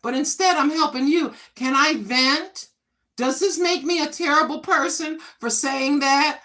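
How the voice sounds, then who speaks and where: A woman in her sixties with a fairly high, bright, forceful voice talks straight to her livestream viewers. She vents bluntly and with frustration, swearing freely as she goes. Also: measured pace. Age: 60s. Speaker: livestream host. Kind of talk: casual livestream venting.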